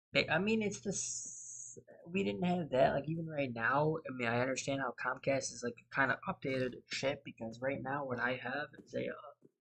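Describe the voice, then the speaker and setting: A man's voice: mid-range voice, vocal fry, fairly bright tone. A man hosting a gaming channel, chatting casually and rambling through a story over his gameplay, losing his thread and swearing freely.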